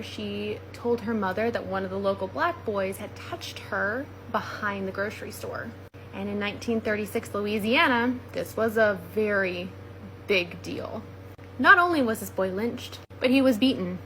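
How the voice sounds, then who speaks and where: Woman telling a grave story, measured, bit of background hiss. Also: medium pitch, fairly bright tone, rough recording. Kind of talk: spoken account.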